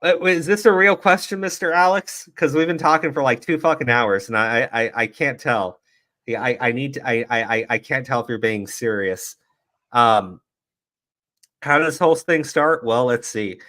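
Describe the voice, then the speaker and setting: A man's voice: mid-range voice, moderate pace, sharp tone. A man giving profane, heated, sarcastic commentary on a livestream. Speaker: streamer commentator.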